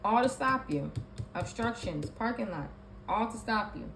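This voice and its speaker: A woman's voice: a little high, expressive, unhurried, fairly bright tone. A woman giving a tarot reading, talking emphatically and repeating her points as she lists card meanings. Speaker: tarot reader. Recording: echoey room with faint ambient noise.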